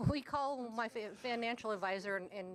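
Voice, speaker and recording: A soft-spoken woman co-hosting a casual radio talk show from a studio, talking low and laughing often. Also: background noise. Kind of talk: casual chat.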